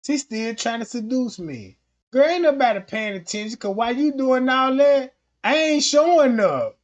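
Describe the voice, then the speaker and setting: A man's voice: extremely high pitch, lively intonation, moderate pace, lo-fi sound. A man on a livestream runs through a comedic rant full of profanity and slang. He rambles from one point to the next and keeps cutting himself off. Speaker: livestream host.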